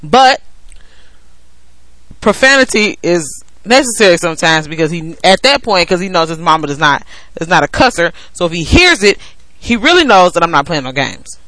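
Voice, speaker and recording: A woman's voice: lowish voice, sing-song, normal speed, fairly bright tone, no room sound, poor audio. A woman co-hosting a podcast in casual chat, earnestly explaining her views at length with fillers like "like". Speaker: podcast co-host.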